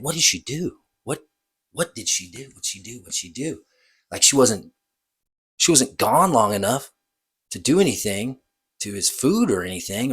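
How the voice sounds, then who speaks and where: A man's voice: mid-range voice, a bit bright. A man who works as a bartender, casually telling a story in a rambling, hesitant way and correcting himself.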